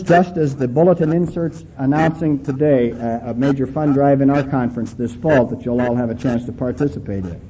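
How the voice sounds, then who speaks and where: A male pastor preaching a sermon with emphatic, drawn-out stresses and a folksy storytelling manner. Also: on the high side, mellow, slight background noise, low-quality recording.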